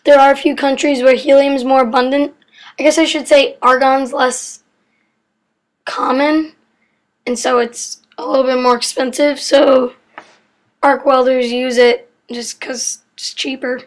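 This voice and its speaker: A woman's voice: sits high, little pitch movement, unhurried. A woman explaining chemistry facts in a casual, rambling way, often getting sidetracked and correcting herself with apologetic asides.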